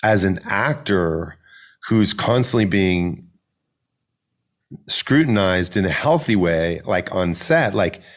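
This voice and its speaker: Casting: a male podcast host with a very deep voice, rambling and casual, swears freely. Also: expressive, slow. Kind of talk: casual interview talk.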